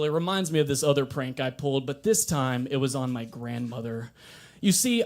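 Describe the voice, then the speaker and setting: A man performing a stand-up comedy set at an open mic in a coffee shop, switching between a dry deadpan and sudden animated bursts. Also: on the high side.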